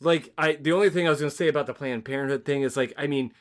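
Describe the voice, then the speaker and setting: A man's voice: on the high side, racing. A man hosting a podcast, chatting casually with his guest, affirming her and laughing along. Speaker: podcast host. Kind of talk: casual interview chat.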